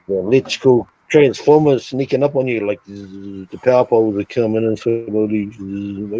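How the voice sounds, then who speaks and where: A man with a low, mellow, husky voice tells a story in a casual, profane way. He acts out buzzing sounds and his own startled reactions. The stream audio is dull and lo-fi. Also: normal speed.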